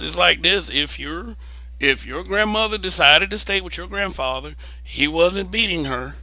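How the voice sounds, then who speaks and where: Blunt, profane man with a sharp voice. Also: fairly high pitch, dry recording, low-quality recording. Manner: blunt and profane, repeats words when making a point. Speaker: vlogger giving opinions. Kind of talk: casual opinion monologue.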